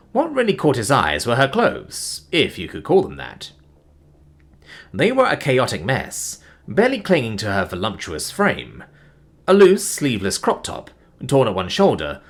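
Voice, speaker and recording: Husky-voiced male story narrator. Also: medium pitch, a bit bright.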